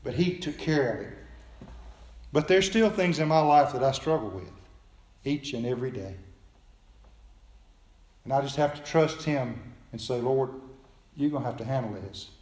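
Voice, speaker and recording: A man preaching a sermon in earnest tones, often dropping soft and low at the ends of phrases. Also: measured pace, long pauses, reverberant. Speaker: pastor.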